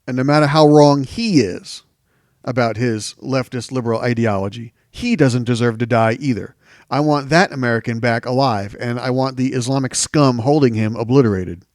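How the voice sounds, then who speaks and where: A man's voice: medium pitch, a little mellow, dry recording. Sarcastic male talk show host, dry sound. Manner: mocking, scornful. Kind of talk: sarcastic political commentary.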